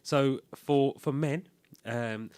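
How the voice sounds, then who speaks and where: A man's voice: mid-range voice, drawn-out words, a little mellow, clear, resonant tone, no room sound. A man co-hosting a radio talk show, chatty and quizzing his co-hosts. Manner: chatty, asks the others questions. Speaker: radio co-host. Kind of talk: casual radio banter. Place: radio studio.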